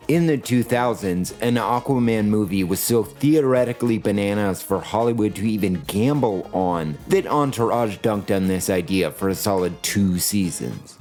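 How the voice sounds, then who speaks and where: A man narrating a scripted video essay in a sardonic, jokey way, with his pitch swinging up and down. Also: a little mellow.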